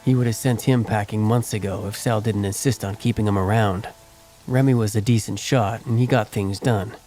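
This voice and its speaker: Low-voiced male audiobook narrator. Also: faint music behind, poor audio. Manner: steady, measured storytelling. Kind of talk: scripted narration.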